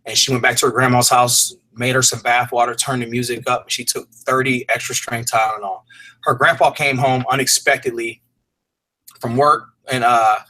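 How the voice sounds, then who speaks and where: A man with a bright, ringing tone and a middle pitch tells a hard personal story as an interview guest. He speaks earnestly and rambles a little, dropping casual slang and restarting his sentences. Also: flat delivery, moderate pace, rough recording. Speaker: fitness program creator, interview guest.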